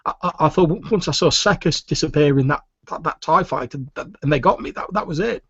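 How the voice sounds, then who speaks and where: Man doing a high, shaky, stammering prisoner, tearful, husky, dull lo-fi sound. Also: fairly quick, a bit bright, no room sound, heavily acted. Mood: hopeful. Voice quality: stammering, whimpering. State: sobbing. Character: terrified stammering male human prisoner, broken and tearful.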